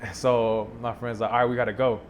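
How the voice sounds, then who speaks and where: A young man telling a story in a casual podcast chat, laid-back and animated, with plenty of fillers. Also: mid-range voice, a little fast, dull audio, a little hiss or hum.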